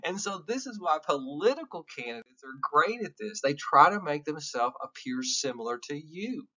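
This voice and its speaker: A man's voice: a little high, expressive, moderate pace, sharp tone, dull audio. A man from the American South with a Southern accent, giving a casual classroom lecture in a loose, blunt way, swearing freely. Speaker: college instructor.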